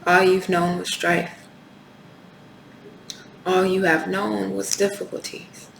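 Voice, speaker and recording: Lady tarot reader, low gravelly voice, kinda raw and intense, echoey room. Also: level tone, slow. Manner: impassioned, repetitive rhetorical questions, swears. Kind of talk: spiritual tarot reading to camera. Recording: echoey room with faint background noise.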